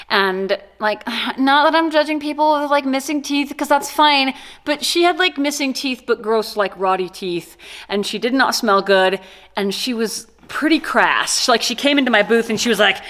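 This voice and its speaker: Bubbly woman vlogger, higher voice, giggly, rambling unboxing chat. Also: a bit bright. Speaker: corset maker and vlogger.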